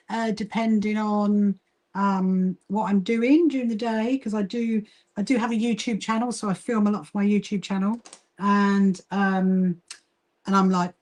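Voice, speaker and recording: Her voice is mid-range and slightly mellow as this southern English woman sews on a casual livestream. A quilting association founder, she chats away, greets viewers while working, and keeps restarting what she says.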